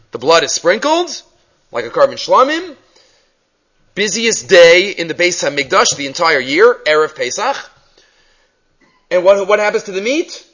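A man teaching a Torah class, animated, acting out questions and mixing Hebrew terms into his English. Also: high voice, dull audio.

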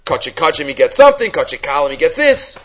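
A man teaching a Torah class, animated, acting out questions and mixing Hebrew terms into his English. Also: a little high, fast talker, highs cut off.

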